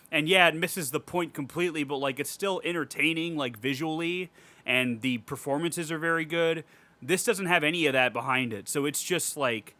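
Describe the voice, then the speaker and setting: A man's voice: on the high side, bright, forceful tone, dry recording. A young man co-hosting a casual podcast film review, ranting animatedly with plenty of profanity and laughter. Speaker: podcast co-host.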